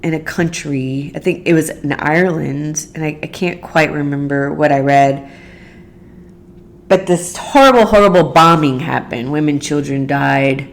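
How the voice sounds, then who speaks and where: A woman with a low, deep voice hosts her own podcast alone, talking things through in a casual monologue. She rambles earnestly, restarting her sentences and leaning on "like" and "you know" as she works out what she means. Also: unhurried. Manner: earnest, rambling, many "like" fillers. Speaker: podcast host.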